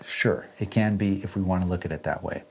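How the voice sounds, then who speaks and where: Chatty low-voiced man demoing synth gear. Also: fairly quick, a little hiss or hum. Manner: relaxed, chatty, says "right?" often. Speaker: music gear video host. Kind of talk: casual gear walkthrough. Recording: faint synth music underneath.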